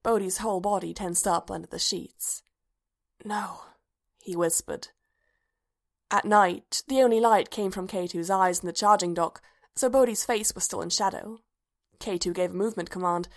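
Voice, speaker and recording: A woman narrating a story aloud in a calm, even voice. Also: medium pitch, vocal fry. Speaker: story reader. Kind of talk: scripted narration.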